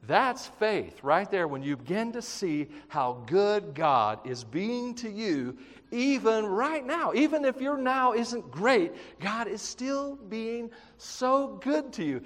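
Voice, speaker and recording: A man with a fairly high voice delivers a lively, conversational sermon, breaking into playful acted quotes and jokes. His voice rings out with a long reverb tail, as if filling a large hall. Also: takes it slowly. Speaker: pastor.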